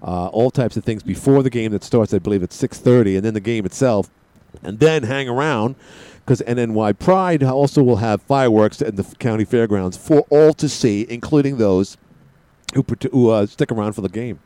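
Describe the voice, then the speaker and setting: A man's voice: mid-range voice, moderate pace, dark tone, no room sound. A man hosting a call-in radio show, chatting in a rambling, joking way with plenty of side tangents. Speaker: radio talk show host. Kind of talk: call-in talk radio chat.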